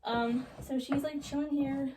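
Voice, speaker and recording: A young woman casually retelling a classic love story as a joke, with sarcastic asides and quick quoted voices. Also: high-pitched, fairly even intonation, recorded from a distance, background noise. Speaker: comedic storyteller. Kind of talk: joking retelling of a classic play.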